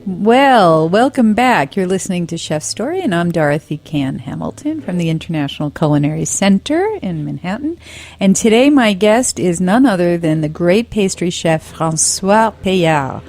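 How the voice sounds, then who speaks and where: A woman's voice: on the low side, lively intonation, normal speed, darkish tone. Woman, radio interview host, chatty, encouraging, conversational.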